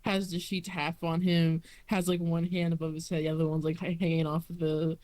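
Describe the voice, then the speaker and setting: A game master narrates a tabletop role-play in a hesitant, meandering way. The voice sits in an ordinary middle pitch. Sentences often trail off and restart. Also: little pitch movement, fairly quick, darkish tone. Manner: hesitant, lots of fillers and restarts.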